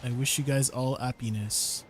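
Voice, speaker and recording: A man's voice: medium pitch, steady tone, moderate pace. A young man chatting casually with his viewers on a live stream, laughing often between questions. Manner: giggly, chatting with viewers while gaming. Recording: faint background noise.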